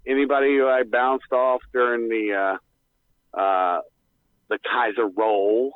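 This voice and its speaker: A man calls into a radio show and rambles bluntly, using plenty of fillers and the occasional swear word. His mid-range voice is fairly even and unhurried, with no room sound, though it comes through a tinny phone line.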